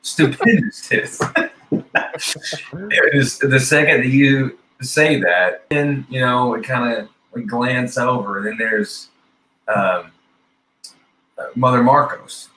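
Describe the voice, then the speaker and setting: A man chatting casually about a film on a podcast, relaxed and crude, often stopping and restarting. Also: mid-range voice, slow, long pauses. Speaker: podcast guest. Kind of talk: casual movie discussion. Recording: echoey room with faint hiss.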